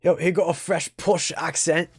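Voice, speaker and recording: A man's voice: a little high, steady tone, moderate pace, gravelly. A young man chatting casually on a game livestream, joking with chat and muttering to himself as he plays. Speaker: game streamer.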